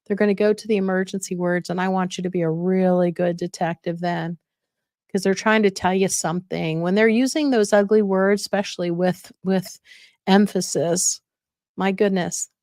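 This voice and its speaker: A woman's voice: lowish voice, darkish tone, no room sound, clean studio sound. A woman hosting a casual advice podcast on dementia care, encouraging and often checking in with listeners.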